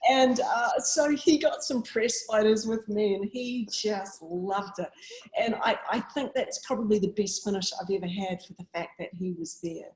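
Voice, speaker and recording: A woman's voice: normal speed, darkish tone, echoey room, low-quality recording. A woman from New Zealand with a New Zealand accent, a marathon swimmer telling stories as an interview guest and acting out her own past lines. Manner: acts out her own past lines with big jumps in pitch. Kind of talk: animated storytelling in an interview.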